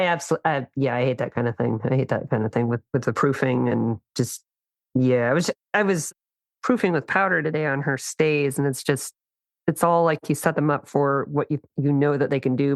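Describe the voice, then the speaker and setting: A woman's voice: rumbling low, a little fast, no room sound. A woman co-hosting a casual podcast, reacting with enthusiasm and asking questions. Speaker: podcast co-host.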